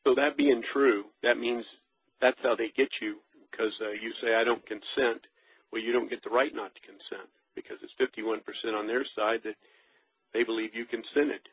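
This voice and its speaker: Flat, hesitant man on a phone line. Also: medium pitch, normal speed, breathy edge, no room sound. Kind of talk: casual radio talk. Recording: dry phone-line sound.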